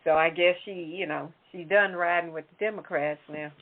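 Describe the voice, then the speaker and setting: Female talk host, loose conversational delivery, lowish voice, phone-quality audio. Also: fairly even intonation, moderate pace. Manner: conversational, self-correcting. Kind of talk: casual political chat. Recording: tinny phone-like line.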